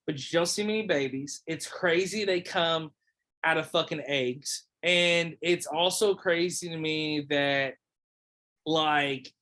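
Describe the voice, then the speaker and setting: A man's voice: fairly high pitch, takes it slowly, bright, forceful tone. A young man chatting casually on a podcast, rambling with lots of fillers and swearing. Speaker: podcast host or guest. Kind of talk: casual chat.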